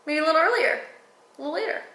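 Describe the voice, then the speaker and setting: A woman in her twenties, chatting excitedly to camera as a vlogger and telling a story. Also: very high voice, very fast, heavy background noise. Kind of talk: casual chat. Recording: echoey room.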